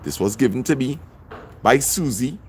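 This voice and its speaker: A man's voice: medium pitch, lively intonation, moderate pace, slight background noise. A middle-aged man hosting a livestream, reading viewers' comments and greeting them by name. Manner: chatty, shouts out viewers by name. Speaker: livestream host. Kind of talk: live-stream chat, reading comments.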